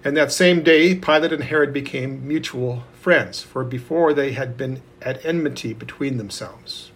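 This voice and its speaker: A man reading scripture aloud in a steady, measured way. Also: mid-range voice, breathy edge. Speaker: scripture reader.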